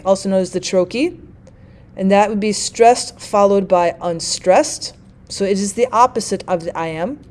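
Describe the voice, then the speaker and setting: Mellow-voiced woman teaching a lesson. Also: mid-range voice. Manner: methodical, reads examples slowly. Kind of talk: explanatory lecture.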